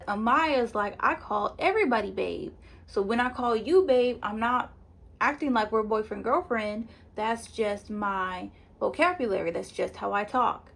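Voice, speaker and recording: Girl doing a chatty reality tv spoiler review, kinda high pitched, acts out quotes. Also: vocal fry. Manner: chatty, animated retelling with quoted voices and laughs. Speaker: reality show recap vlogger.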